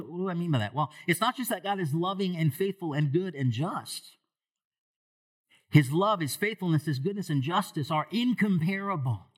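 Pastor guy preaching in church, kinda high voice, goes quiet then loud. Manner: emphatic preaching, swinging from hushed and low to raised and loud; asks the congregation questions. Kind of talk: sermon.

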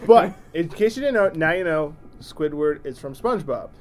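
A man's voice: on the high side, lively intonation, normal speed. A man co-hosting a casual chat show, teasing and chatty. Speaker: podcast co-host.

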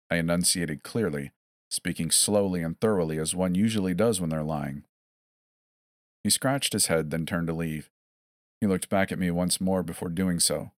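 A man reads a first-person horror tale with wry asides. His voice is deep, and the recording is close and dry, with no room around it. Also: moderate pace, no room sound. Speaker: narrator. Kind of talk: scripted horror narration.

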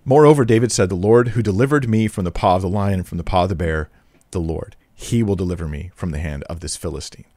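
Lowish-voiced man doing animated Bible commentary. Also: fast, dry recording, studio quality. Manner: animated, paraphrases in slangy voices, often clears throat. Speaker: Bible teacher critiquing a preacher. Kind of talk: Bible commentary with scripture reading.

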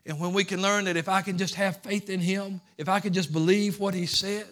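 A man preaching to his church, his voice high and bright as he moves from quiet, folksy asides into loud, pleading cries. He talks plainly, with ain't and gonna, and calls his congregation to clap and shout. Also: fairly even intonation, fast, few pauses. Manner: folksy Southern-style grammar like ain't and gonna. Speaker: pastor. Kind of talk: sermon. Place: church sanctuary.

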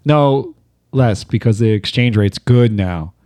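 A man's voice: mid-range voice, slow pace, darkish tone, dry recording. A man in a casual chat, telling laid-back stories and laughing at his own jokes.

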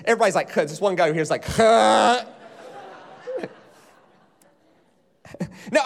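A man preaching a sermon, teaching with animated delivery and leading the congregation in call-and-response. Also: high-pitched. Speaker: pastor. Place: church auditorium.

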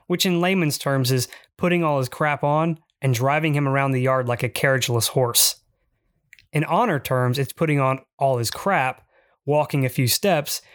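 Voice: medium pitch, no room sound. A narrator reading a first-person memoir in a dry, wry storytelling manner.

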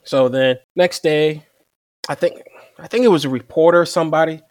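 A young man who served as a Marine, telling his story in a relaxed, conversational way and quoting people with "I'm like.". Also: a little high, moderate pace, no echo, clean studio sound. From Virginia. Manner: relaxed, repeats "I'm like" to quote himself. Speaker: interview guest, former Marine machine gunner.

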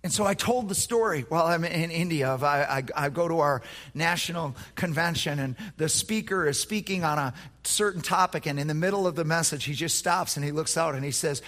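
A man preaching a sermon as a pastor, with many halting restarts, swinging between hushed near-whispers and passionate shouted peaks. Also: a little high, big-room sound.

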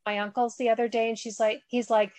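A woman's voice: on the high side, level tone, fast, darkish tone, no room sound. A woman hosting a podcast, talking earnestly in a rambling, conversational way. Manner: earnest, rambling, backs up and restarts. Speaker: podcast host.

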